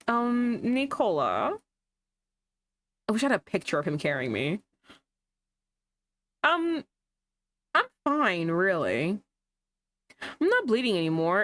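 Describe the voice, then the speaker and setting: A woman's voice: mid-range voice, wildly swooping pitch, moderate pace, pauses often, a bit bright. A woman streamer reading a romance game aloud and breaking off into sarcastic, swearing asides.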